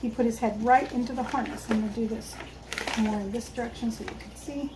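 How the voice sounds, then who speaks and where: A woman with a high voice walks through a dog-training lesson, explaining each move as she makes it. She stops now and then to praise the dog softly. Faint background noise sits under her voice. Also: fairly even intonation, fast. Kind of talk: instructional demonstration.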